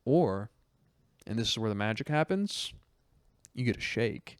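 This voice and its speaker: Smooth-voiced animated comic storyteller man. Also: fairly low pitch, measured pace, no room sound, clean studio sound. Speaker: podcast co-host, stand-up comic. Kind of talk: casual comedic chat.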